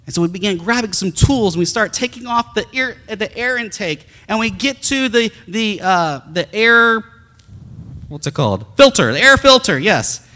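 Male pastor, animated storyteller, fairly high voice, recorded in an echoey hall. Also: moderate pace. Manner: animated storyteller acting out sounds. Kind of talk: storytelling sermon.

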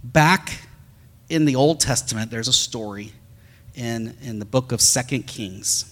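A man's voice: mid-range voice, measured pace, a bit bright. A man preaching a sermon, telling a story in a conversational way with frequent restarts.

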